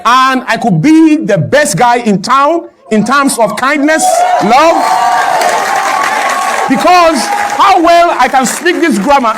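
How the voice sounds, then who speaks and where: High-voiced man from Nigeria, emphatic studio guest, rhetorical and punchy. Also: animated, slow, a loud crowd, very noisy. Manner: emphatic, rhetorical, mimics broken English with laughs. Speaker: guest speaker. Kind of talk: impassioned talk-show speech. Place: television studio with a clapping audience.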